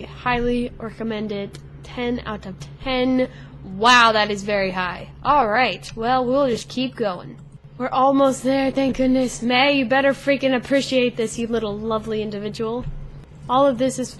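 A teenage girl narrates her gameplay in a bubbly, excitable ramble, talking to herself and the character on screen. Her voice sits on the high side. A faint hiss runs under the recording. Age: teens. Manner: chatty, excitable, talks to herself and the game character. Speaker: gaming channel host. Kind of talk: let's play commentary.

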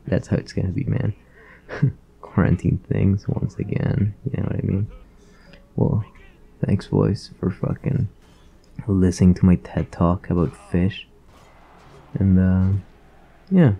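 Low gravelly young man ranting profanely. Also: little pitch movement, measured pace, long pauses, dull audio. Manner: profane, rambling, filler-heavy. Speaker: vlogger. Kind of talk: casual storytime rant.

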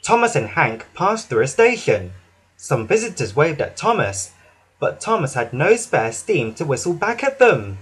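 A man narrating a children's storybook in an expressive read-aloud way, with some restarts. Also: a little high, moderate pace, slightly rough.

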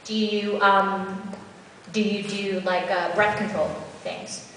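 A woman's voice: mid-range voice, little pitch movement, slow pace, a bit bright, a little hiss or hum. A woman voice actor answering audience questions on a convention panel, chatty and practical. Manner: chatty, practical advice with asides. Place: large convention hall. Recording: echoey hall, far from mic.

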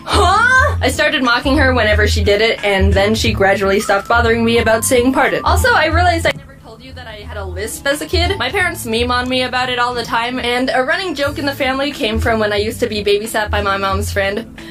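A young woman narrates her own stories in a scripted comedic voice, wry and self-mocking. Her voice sits fairly high. Music plays clearly under her. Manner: quick, self-mocking, deadpan jokes. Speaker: animated storytelling video narrator. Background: background music.

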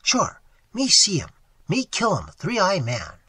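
A terse fisherman, as the reader puts him on, barks short, emphatic phrases in broken English. His voice sits higher and louder than the narration, husky and dry. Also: huge pitch swings, unhurried, no room sound, full character voice. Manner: clipped, emphatic, loud.

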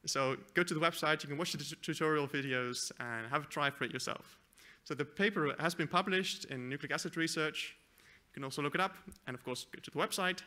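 A man giving a conference presentation, walking through a live software demo with a few fillers and self-corrections. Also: fairly high pitch, a little fast. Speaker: conference speaker. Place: conference hall.

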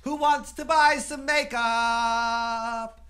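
A man voicing a cheerful, vain young girl in a high, excited voice for a read-aloud storybook. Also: extremely slow, exaggerated voice. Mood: delighted.

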